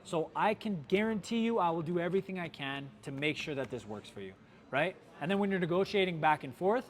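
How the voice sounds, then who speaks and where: Sales manager guy pumping up his team, kinda high voice, lots of "right?" and "like". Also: fairly quick. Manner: energetic, coaching, lots of "right?" and "like". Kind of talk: team sales training talk. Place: car dealership.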